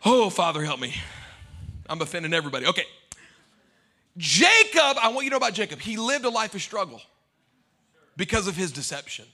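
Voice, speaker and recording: A man preaching a sermon as pastor to a congregation, animated and humorous, swinging between loud outbursts and quiet asides. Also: high voice, brisk, long pauses. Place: church before a live congregation.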